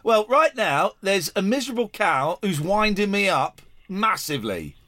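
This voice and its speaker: A man's voice: sits high, big pitch swings, moderate pace, sharp tone, dry recording. A man hosting a podcast, teasing his co-host with casual, mildly sweary banter.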